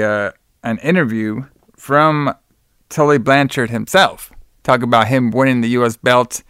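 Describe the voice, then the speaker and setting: A man's voice: mid-range voice, fairly bright tone, clean tone, dry recording, clean studio sound. A young man co-hosting a podcast, chatting casually about old wrestling shows, loose and profane, full of "like" and "brother". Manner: profane, rambling, says "brother" and "like" a lot. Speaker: podcast co-host.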